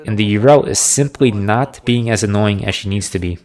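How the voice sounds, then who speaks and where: A man's voice: lowish voice, normal speed. Man casting live esports play-by-play. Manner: analytical, excited on big plays. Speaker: esports caster.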